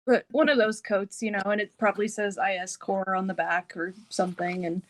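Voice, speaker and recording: A woman describes a scene at a tabletop game, rambling along with "like" in almost every phrase. Her voice sits at a middling pitch and her delivery stays casual. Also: fairly even intonation, fairly quick. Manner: rambling, full of "like". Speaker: player.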